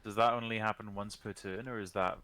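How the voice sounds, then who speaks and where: Very deep-voiced man at the game table. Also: steady tone, fairly quick, sharp tone. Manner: matter-of-fact, tracks rules. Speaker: player. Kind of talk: casual game chat.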